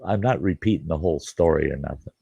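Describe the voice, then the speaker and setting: A middle-aged campground host who also hosts a show tells a folksy story in a casual chat, acting out both sides of a conversation and swearing casually. His extremely low voice is quick, creaky, mellow and husky, captured in a dry, lo-fi recording.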